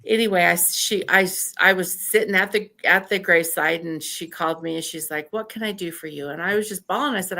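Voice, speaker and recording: An older woman from Idaho with a bright, forceful voice, telling stories in an easy, chatty way. She acts out what people said to her and laughs often as she goes. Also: fairly low pitch, fast talker, hardly any pauses. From Idaho, USA. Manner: animated storyteller who laughs often and acts out quotes. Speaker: podcast guest. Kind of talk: casual storytelling interview.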